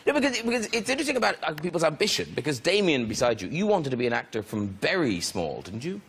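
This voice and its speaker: A man with an Irish accent hosting a chat show, teasing his guests with quick-witted banter. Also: a little high, big pitch swings. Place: television studio with live audience. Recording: noisy studio, loud audience laughter.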